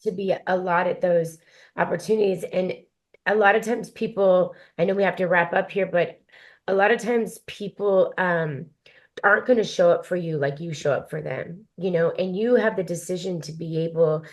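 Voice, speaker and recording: A woman being interviewed on a podcast, a singer speaking in a reflective, heartfelt way with frequent pauses to think. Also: fairly low pitch. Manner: reflective, many um fillers, heartfelt. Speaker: guest, country singer.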